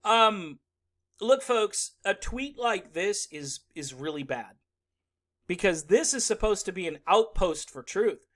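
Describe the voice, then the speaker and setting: Male vlog commentator, higher voice, sarcastic and animated delivery. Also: slow pace. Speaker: political commentator.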